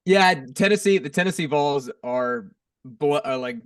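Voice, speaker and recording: A man's voice: a little high, unhurried, clear, resonant tone, dry recording, clean studio sound, distant mic. A man from Atlanta with a light Southern accent, a podcast guest talking in an easygoing, friendly and laid-back manner. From Atlanta, Georgia. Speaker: podcast guest, fitness coach. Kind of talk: casual interview chat.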